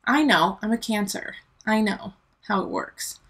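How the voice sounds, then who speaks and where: Casting note: woman in her thirties, tarot reader, gravelly fry, chatty and heartfelt. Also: medium pitch, lively intonation, measured pace, fairly bright tone, low-quality recording. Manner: chatty, emotional, talks straight to viewers. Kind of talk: casual monthly tarot reading.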